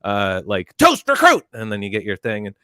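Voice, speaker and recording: Lively low-voiced man telling a story. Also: fairly quick, clean tone, no room sound, studio quality. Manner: animated, barks quoted drill lines. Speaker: podcast panelist. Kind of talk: casual storytelling. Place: podcast studio.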